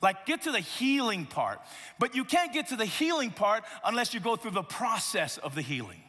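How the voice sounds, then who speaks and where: A man preaching a sermon as a pastor, telling animated stories with playful asides. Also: sits high, moderate pace, slightly rough. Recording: echoey hall reverb.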